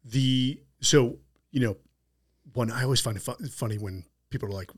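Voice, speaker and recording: A man's voice: mid-range voice, normal speed, slightly rough. A middle-aged man hosting an interview in casual chat, telling stories and acting out quotes, with an easygoing mouth that swears now and then. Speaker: podcast host.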